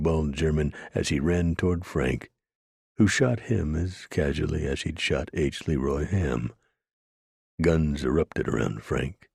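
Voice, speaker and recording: Very deep gravelly male narrator. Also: darkish tone, no room sound, studio quality. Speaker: audiobook narrator. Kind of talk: scripted audiobook narration.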